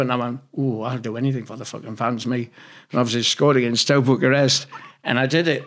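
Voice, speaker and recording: A man's voice: mid-range voice, steady tone, fairly quick. A man from England, an interview guest, telling loose anecdotes in casual chat, swearing freely and acting out what others said. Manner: rambling, swears freely, acts out quoted dialogue.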